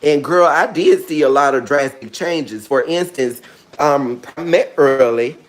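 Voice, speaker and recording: A man's voice: fairly high pitch, measured pace. A man hosting a casual how-to vlog, talking sassily and chattily to his viewers with playful, dramatic asides. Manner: sassy, chatty, calls viewers girl and honey. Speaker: orchid care vlogger.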